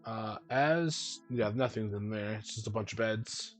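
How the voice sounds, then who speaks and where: A man's voice: lowish voice, measured pace, soft background music. A man running a tabletop game as game master, narrating scenes casually with lots of fillers.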